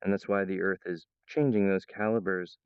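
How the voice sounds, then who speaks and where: A man rambling to his viewers, jumping between topics and laughing mid-sentence, now and then mimicking others in a high voice. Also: fairly even intonation, normal speed, clean tone, no echo, dull audio. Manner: acts out other people's voices in a high pitch.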